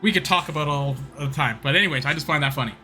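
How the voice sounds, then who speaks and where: A man's voice: fairly high pitch, rapid-fire, sharp tone, faint music behind. A young man from British Columbia with a Canadian accent, chatting casually on a game live stream, wandering into tangents and laughing easily.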